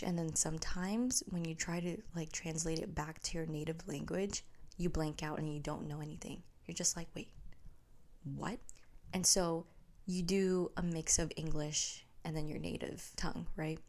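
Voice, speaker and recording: A woman's voice: low voice, steady tone, normal speed, darkish tone. A young woman from the Philippines who speaks English with an American accent and a slight Filipino tinge, hosting a casual chat podcast from home at night, rambling and sometimes dropping into whispers. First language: Tagalog. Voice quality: chatty, rambling, drops into whispers. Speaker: podcast host.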